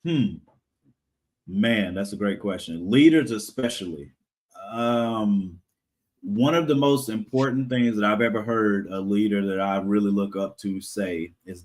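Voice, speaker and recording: A man with a fairly low voice chats loosely as a guest on a podcast. He stops and restarts with plenty of fillers and laughs often as he talks. He is from the United States. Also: measured pace, a little mellow. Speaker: podcast guest, comic creator. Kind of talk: casual interview conversation.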